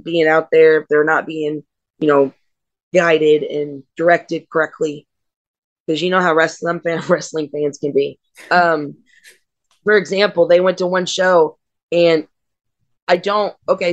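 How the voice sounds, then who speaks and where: A woman's voice: low-pitched, dry recording, dull audio. A middle-aged woman, a wrestler and guest, telling casual stories and acting out family dialogue. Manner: lively, acts out family dialogue. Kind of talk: casual storytelling interview.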